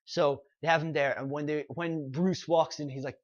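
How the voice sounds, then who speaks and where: A man's voice: on the high side, fairly even intonation, normal speed. Rambling man recapping a comic, lo-fi. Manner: rambling, filler-heavy retelling with quoted dialogue. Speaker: comic book reviewer, show host. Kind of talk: casual spoken recap and review.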